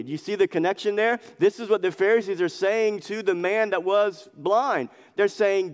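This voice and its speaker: A man's voice: fairly high pitch, moderate pace, few pauses, clean tone. A man preaching an expository sermon in a church, talking with emphatic passion and repeating phrases for emphasis. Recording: long reverb of a large hall.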